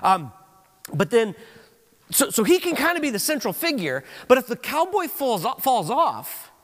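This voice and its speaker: Man, pastor, sermon, high voice, reverberant hall, animated storytelling. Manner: animated storytelling, halting restarts. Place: church auditorium.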